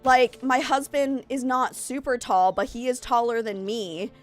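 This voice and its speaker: A woman's voice: a little high, fairly even intonation, a little slow. A woman streaming a game, chatting in a rambling way that jumps between topics, a little out of breath. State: slightly out of breath. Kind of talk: casual chat while streaming a game. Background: faint game music.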